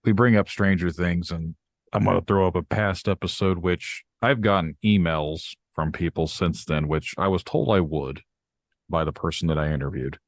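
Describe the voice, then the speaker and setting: A man hosting a podcast, talking in a relaxed, hesitant way with frequent hedging. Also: low voice, moderate pace, no room sound. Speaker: podcast host. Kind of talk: casual podcast talk.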